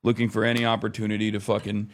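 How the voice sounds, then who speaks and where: A man's voice: on the low side, monotone, rapid-fire, a little hiss or hum. A man in his thirties chatting casually on a live stream, rambling, often exasperated, swearing now and then.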